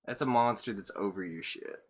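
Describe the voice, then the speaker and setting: A man's voice: fairly low pitch, brisk, a little hiss or hum. A man reading a picture book aloud and joking about it with irreverent, profane commentary. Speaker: storyteller host.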